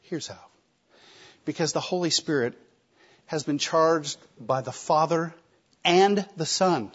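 A man preaching a sermon, emphatic, with rhetorical questions and shifting loudness. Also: fairly high pitch, slow, pauses often, husky. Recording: slightly dull lo-fi recording.

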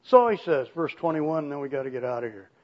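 A man preaching an expository sermon, speaking emphatically and pushing his voice up in pitch and volume to stress key points. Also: lively intonation, fairly quick, muffled recording.

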